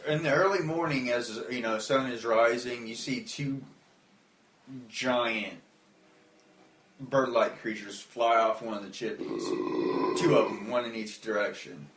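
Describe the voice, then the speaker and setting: A man runs a tabletop game, setting scenes in halting, restarting bursts. His voice sits at an ordinary middle pitch. The room around him is echoey. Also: fairly bright tone, slight background noise. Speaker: game master. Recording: roomy room echo.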